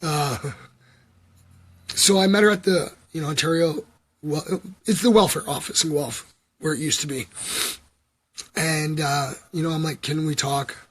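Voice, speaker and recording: A man's voice: fairly high pitch, steady tone, measured pace, long pauses, a bit bright, husky. A middle-aged man, rambling and confessional in a casual livestream chat, full of fillers and asides to his viewers. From Canada. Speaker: vlogger.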